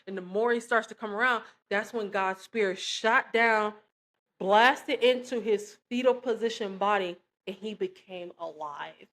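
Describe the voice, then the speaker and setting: A woman's voice: mid-range voice, measured pace, fairly bright tone. A young woman giving a casual spoken faith testimony, full of fillers and acting out quoted dialogue as she tells the story. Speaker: testimony speaker.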